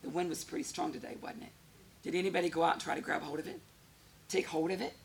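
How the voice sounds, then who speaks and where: A woman preaching with a heavily gravelly, creaky voice. She talks to her congregation conversationally and keeps asking them questions as she goes. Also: fairly low pitch, fast talker, a little hiss or hum. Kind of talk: sermon.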